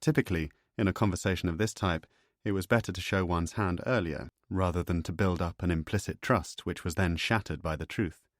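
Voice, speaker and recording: A man reading an audiobook thriller in a measured, even storytelling voice. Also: deep voice, no room sound, studio quality. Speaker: audiobook narrator. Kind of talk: scripted narration.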